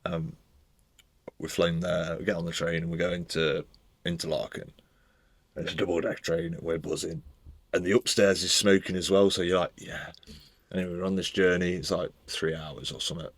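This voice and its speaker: A man co-hosting a podcast, telling relaxed, rambling anecdotes full of slang. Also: low voice, normal speed. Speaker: podcast co-host. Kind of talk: casual chat.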